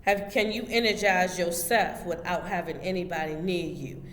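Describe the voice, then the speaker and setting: A woman's voice: on the low side, steady tone, moderate pace, a bit bright. Woman preaching emphatically in an echoey hall. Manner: emphatic, preachy, direct address to listeners. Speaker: host. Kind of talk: motivational spiritual talk. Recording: echoey hall with faint background noise.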